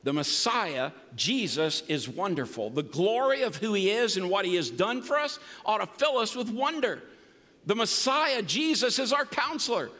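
A man's voice: sits high, bright, forceful tone. An older man preaching a sermon as pastor, emphatic and folksy with humor. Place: church sanctuary. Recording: long reverb of a large hall.

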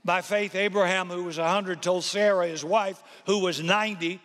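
A male pastor preaching with dramatic flair, landing punchy jokes and rhythmic, rhyming lists. His voice sits slightly high and carries a long reverb from a large church auditorium. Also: fairly even intonation, normal speed, few pauses, fairly bright tone. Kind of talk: sermon.

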